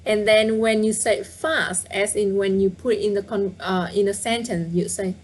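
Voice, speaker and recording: A woman's voice: medium pitch, steady tone, normal speed. A woman teaching a live online language lesson, patiently repeating words and inviting viewers to guess. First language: Vietnamese. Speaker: Vietnamese teacher.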